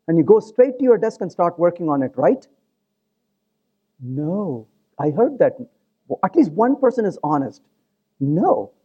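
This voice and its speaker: A male conference presenter with a fairly high, mellow voice that swings up and down a lot. He jokes and keeps checking in with the audience. The recording is dull and lo-fi. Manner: animated, joking, keeps asking the audience "right?". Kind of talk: live technical conference talk.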